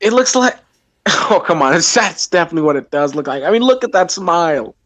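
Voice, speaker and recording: A man as a guest on a casual roundtable chat, reacting with loud jokes and laughter. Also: a little high, expressive, fairly quick, dry recording. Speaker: panel guest.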